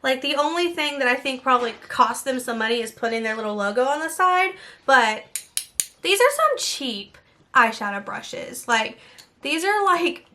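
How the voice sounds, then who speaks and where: A woman beauty vlogger chats through an unboxing in a high, bright voice. She is frank and talkative, full of casual fillers. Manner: chatty and frank, many fillers.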